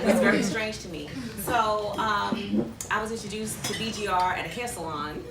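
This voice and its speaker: A woman's voice: mid-range voice, brisk, loud music behind the voice. A woman in her fifties telling a running group her story, giggling and poking fun at herself. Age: 50s. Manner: giggly, self-deprecating. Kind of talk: personal testimony to a group. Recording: echoey room from far off, with loud crowd and noise.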